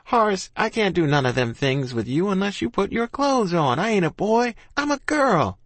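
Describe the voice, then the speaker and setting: A man's voice: high-pitched, sing-song, moderate pace, a bit bright, no echo, pitched above the performer's own voice, full character voice. A man voicing a stubborn eleven-year-old girl who talks in a folksy rural dialect. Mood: earnest.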